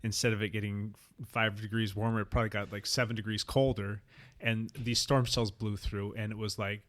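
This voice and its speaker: A man hosting a cycling podcast, telling a race story in a relaxed, chatty way. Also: fairly low pitch, fairly quick. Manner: animated, laughing storyteller. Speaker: podcast host. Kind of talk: casual storytelling chat.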